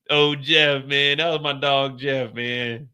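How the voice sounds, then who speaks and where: Animated middle-aged man, sharp bright voice. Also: on the high side, very slow, clean tone. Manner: animated, profane, acts out quotes in a raised voice. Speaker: streamer host. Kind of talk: casual storytelling.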